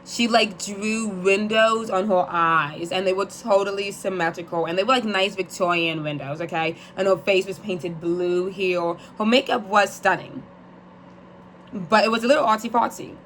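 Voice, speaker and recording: A woman's voice: medium pitch, fairly even intonation, moderate pace, fairly bright tone, a little hiss or hum. A young woman vlogger chatting casually in a sassy, rambling, joking way. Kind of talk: casual chat.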